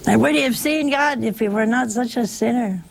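This preacher is a woman whose gravelly voice sits on the high side and moves at a moderate pace. Her sermon is folksy and conversational, and she keeps putting rhetorical questions to the listeners.

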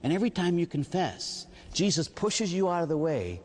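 A man's voice: on the high side, very animated, moderate pace, a little mellow. An older man preaching as a priest, telling stories animatedly with frequent "huh?" asides. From Pittsburgh area. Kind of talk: sermon. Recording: long reverb of a large hall.

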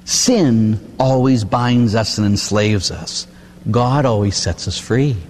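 A Catholic priest giving a sermon, telling stories with lively acted-out voices. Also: male voice, on the low side, slow, big-room sound, a little hiss or hum. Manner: animated storytelling, acts out characters.

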